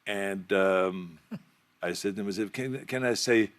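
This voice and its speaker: A man's voice: fairly low pitch, measured pace, a bit bright. A man with a German accent, a talk show guest, chatting and laughing through anecdotes in a TV studio. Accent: German-accented English. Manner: chatty, laughs while telling anecdotes, repeats words. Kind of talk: casual talk show storytelling.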